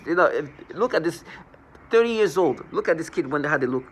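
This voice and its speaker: A man's voice: on the high side, lively intonation, a little fast, a little hiss or hum. A man rambling through a scornful personal monologue, restarting and repeating words as he goes. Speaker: vlogger.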